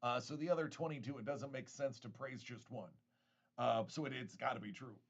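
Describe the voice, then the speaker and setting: An American man hosts a casual card-collecting live stream, chatting and joking with viewers, laughing often and restarting his sentences. His mid-range voice moves fairly quickly, and the highs are cut off.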